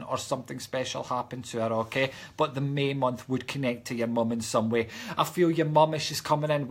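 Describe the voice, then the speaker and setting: A man's voice: a little high, a bit bright, breathy edge. A man with a Scottish accent giving live psychic readings in a chatty, reassuring way, often checking in with "okay?". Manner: reassuring, keeps adding "okay?"; chatty and jokey between readings. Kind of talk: live-stream reading, casual chat.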